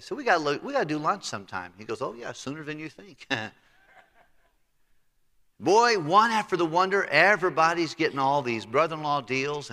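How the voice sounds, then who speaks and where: Pastor, man, bright voice, animated folksy storyteller who acts out his characters, long church reverb. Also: medium pitch. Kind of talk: sermon. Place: church sanctuary.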